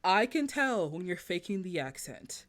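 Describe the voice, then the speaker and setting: A woman's voice: on the low side, sing-song, normal speed, a bit bright. A woman film critic, a guest on a podcast, giving passionate, emphatic opinions in casual chat.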